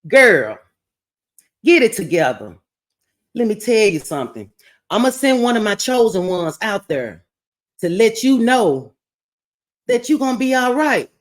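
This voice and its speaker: A woman's voice: a little high, very animated, unhurried, pauses often, voice pushed up. A woman voicing God as a blunt, reassuring male deity who talks firmly and plainly. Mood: firm reassurance. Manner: firm, scolding, plain-spoken.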